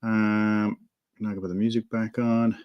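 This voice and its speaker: A man's voice: lowish voice, little pitch movement, moderate pace, clear, resonant tone, lo-fi sound. A man hosting a casual live stream from home, rambling and greeting viewers by name. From England. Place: home room at night. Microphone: desk mic, no headphones. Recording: faint background music. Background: quiet background music.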